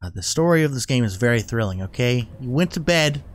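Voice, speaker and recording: A man playing a horror game on a headset mic, excitable, laughing often and swearing at the game. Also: mid-range voice, brisk. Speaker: gaming YouTuber. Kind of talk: let's-play commentary.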